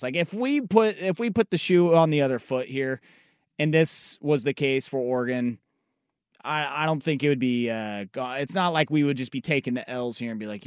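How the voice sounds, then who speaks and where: A man's voice: medium pitch, moderate pace, clear, resonant tone, dry recording, studio quality. A man co-hosting a sports radio show, talking casually with frequent ums and uhs. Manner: hesitant, lots of ums and uhs.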